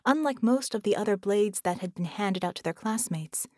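A woman narrating an audiobook in a measured way, at times dropping into a whisper. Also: mid-range voice, lively intonation, darkish tone, dry recording, clean studio sound. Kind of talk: scripted narration.

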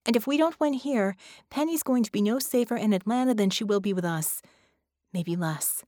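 A woman's voice: on the high side, moderate pace, darkish tone, no room sound, studio quality, natural voice. A woman reading the part of a blunt female team leader in an audiobook, talking in an urgent, persuasive way.

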